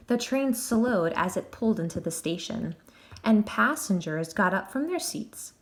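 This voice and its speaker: A woman narrating a children's novel aloud in an expressive, animated way. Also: mid-range voice, measured pace. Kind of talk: storybook read-aloud.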